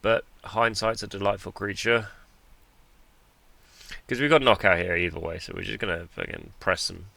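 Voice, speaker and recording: A man's voice: sits low, animated, normal speed, gravelly, pauses often, pushed and bright, dry recording. A man giving laid-back, self-deprecating commentary over his own card game match, with the odd bit of mild swearing. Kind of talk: casual gameplay commentary.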